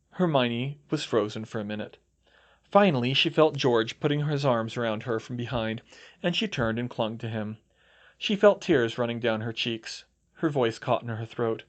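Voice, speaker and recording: A man reading fan fiction aloud as an audiobook, in steady storytelling. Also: mid-range voice, moderate pace. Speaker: audiobook reader.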